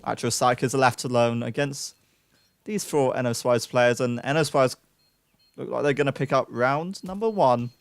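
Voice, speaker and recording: A young man giving live play-by-play esports commentary, excitable, with self-mocking asides to chat. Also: mid-range voice, normal speed. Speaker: esports caster.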